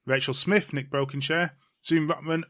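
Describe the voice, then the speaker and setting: A man's voice: fairly high pitch, fairly even intonation, moderate pace, fairly bright tone. Man co-hosting a casual chat podcast. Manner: reads out long lists of names, dry and offhand. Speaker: podcast co-host.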